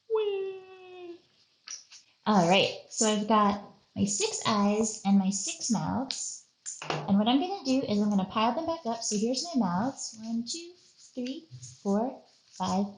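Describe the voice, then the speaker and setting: A woman's voice: mid-range voice, a little mellow, echoey room, a little hiss or hum, poor audio. A woman leading a playful art lesson for children, acting out faces and little voices as she goes. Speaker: museum educator.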